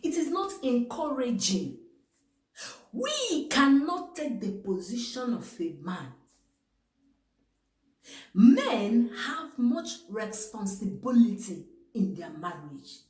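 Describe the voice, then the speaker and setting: A woman's voice: fairly high pitch, very animated, takes it slowly, a little mellow, roomy sound, rough recording. A woman with a Nigerian English accent giving marriage advice to camera in an emphatic, preachy way, asking herself rhetorical questions.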